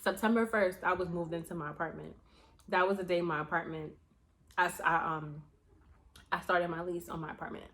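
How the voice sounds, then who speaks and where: A young adult woman vlogger chatting casually to her viewers, telling a story in an animated way with slang and swearing. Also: fairly low pitch, a little fast. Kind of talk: casual chat to camera.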